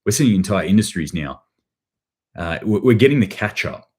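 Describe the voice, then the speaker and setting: A man with a low, deep voice talks through the news in a loose live-stream commentary. He rambles and often restarts his phrases, with a sardonic edge. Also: animated, moderate pace, a little mellow, husky. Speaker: host.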